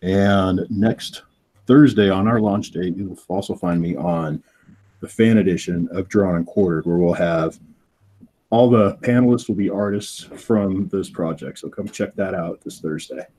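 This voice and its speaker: Real deep husky guy on a stream panel, plugging his socials. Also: unhurried, mellow. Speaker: panel guest, artist. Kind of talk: casual livestream chat.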